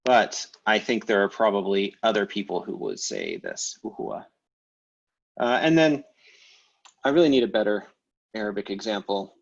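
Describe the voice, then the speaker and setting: A man teaching a language class over a video call, explaining grammar in a relaxed way with many fillers and restarts. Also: on the low side, moderate pace, gravelly, highs cut off. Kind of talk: online class lecture.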